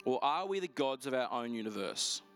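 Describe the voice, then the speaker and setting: A middle-aged man preaching a sermon, telling stories in a lively, animated way. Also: medium pitch, faint music behind. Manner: lively, animated storytelling with quick asides. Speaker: pastor. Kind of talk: storytelling sermon.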